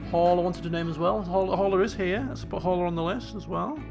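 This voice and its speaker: A man's voice: sits high, fast, vocal fry, over music. A man streaming a colony sim game live, chatty and thinking aloud while talking to his chat. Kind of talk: casual live game commentary.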